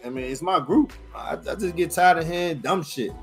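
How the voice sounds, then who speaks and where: A man's voice: a little high, moderate pace, gravelly, faint music behind. A man in his forties hosting a podcast, talking casually with a profane, exasperated manner. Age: 40s. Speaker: podcast host.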